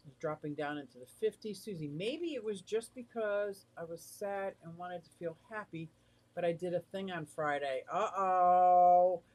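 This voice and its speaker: A chatty livestream host who reads viewer comments aloud and answers them, easily excited and warm. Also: medium pitch, moderate pace. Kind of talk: casual livestream chat.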